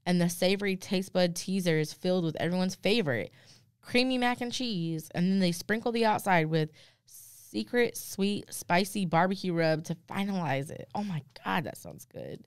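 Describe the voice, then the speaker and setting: A woman's voice: fairly low pitch, normal speed, clear, resonant tone, no echo, studio quality. A woman co-hosting a casual podcast, reading fair food descriptions aloud with playful asides and easy laughter. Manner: reads menu blurbs aloud with playful asides, laughs easily. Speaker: podcast co-host.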